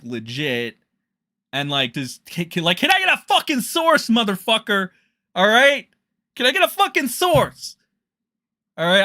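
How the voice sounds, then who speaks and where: A man doing casual livestream commentary, rambling, swearing freely and breaking into laughs. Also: mid-range voice. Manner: profane, excitable, laughs often, rambling.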